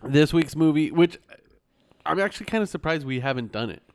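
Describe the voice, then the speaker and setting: Male podcast host, casual and rambling, smooth tone, dry close-mic sound. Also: fairly high pitch, animated, a little fast, no room sound. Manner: upbeat, rambling plugs.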